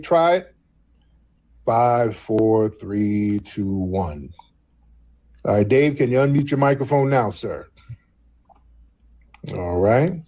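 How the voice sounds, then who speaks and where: Husky host running a call-in. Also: male voice, mid-range voice, warm tone. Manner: mocking, repeats prompts. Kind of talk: live call-in stream.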